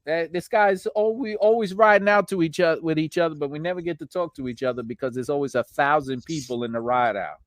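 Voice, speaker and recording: A man's voice: fairly high pitch, a little fast, hardly any pauses, dry recording, studio quality. Chatty New York man hosting a stream. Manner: chatty, reads out viewer comments. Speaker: live stream host. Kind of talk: casual live stream chat.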